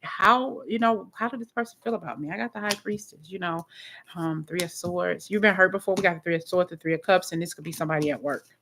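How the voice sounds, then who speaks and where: A woman's voice: lowish voice, quick pace, background noise. A woman giving a live tarot reading, talking in a chatty, rambling way and often repeating her words. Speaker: tarot reader.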